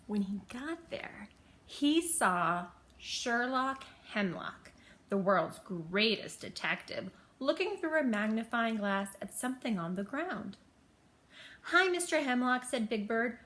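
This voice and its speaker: A woman reading a children's storybook aloud in a gentle, steady manner. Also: mid-range voice, takes it slowly, a little hiss or hum.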